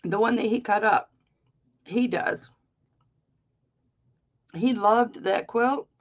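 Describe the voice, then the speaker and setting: A woman's voice: medium pitch, slow pace, muffled recording. A middle-aged woman hosting a live-stream jewelry auction, chatting casually and rambling playfully through stories.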